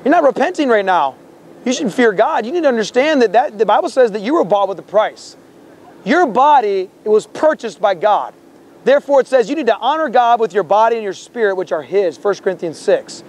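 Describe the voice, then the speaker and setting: A male street preacher with a strikingly high-pitched voice, preaching outdoors on a campus. He talks fervently and confrontationally, stacking scripture quotes and stumbling into repeated words as he presses his point. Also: lively intonation, brisk, a little mellow. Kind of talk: confrontational open-air preaching.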